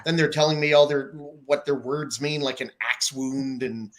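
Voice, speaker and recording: A man co-hosts a casual podcast, chatting bluntly and swearing casually. His mid-range voice is fairly even and fairly bright, at a moderate pace, with slight background noise.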